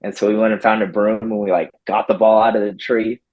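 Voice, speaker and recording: The audio is dull, and the man's low-leaning voice moves a little fast. As a dog trainer sharing a story in an informal interview, he animatedly performs what others said, saying "like" often.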